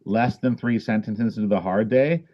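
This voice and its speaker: A man's voice: on the low side, moderate pace, highs cut off. A man guest in a casual interview, talking in a rambling way with many fillers and restarts. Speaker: podcast guest, author.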